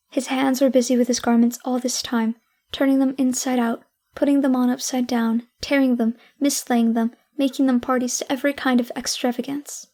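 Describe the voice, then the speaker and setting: A woman narrating an audiobook of a classic story, expressive and lingering over descriptive phrases. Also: fairly high pitch, normal speed, few pauses.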